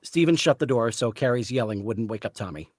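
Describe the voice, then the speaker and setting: A man reading the narration of a story aloud at a live reading, in a steady storytelling manner. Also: medium pitch, brisk, a little hiss or hum. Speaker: reader, narrator.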